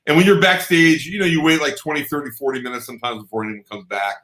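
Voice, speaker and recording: A man, a guest photographer, telling stories in casual chat, animated and quick to laugh and exclaim. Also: on the high side, roomy sound.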